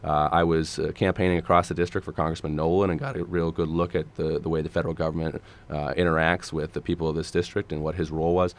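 A man in his thirties from Minnesota talks policy as a guest on a radio interview. His voice sits very low and comes out gravelly and a bit hoarse today. He speaks earnestly, stumbling into restarts and fillers as he builds his points. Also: level tone, fast talker. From Minnesota, USA. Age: 30s. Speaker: political candidate guest.

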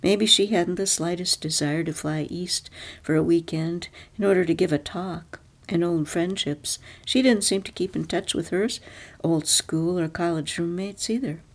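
A woman narrating a literary story aloud in a measured, even reading. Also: fairly low pitch. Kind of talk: audiobook reading.

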